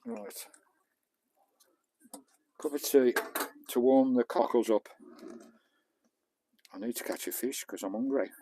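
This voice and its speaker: A man's voice: mid-range voice, very animated, slow, long pauses, mellow. A man, chatting casually to viewers on a live stream outdoors on a beach, talking as he works and swearing lightly. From England. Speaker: vlogger. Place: outdoors on a beach and in his camper van. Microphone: small clip-on mic, distance varying.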